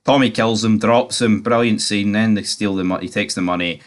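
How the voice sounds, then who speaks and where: A man's voice: lowish voice, fast, few pauses. A man casually recapping a TV episode, rambling with lots of fillers and frequent swearing.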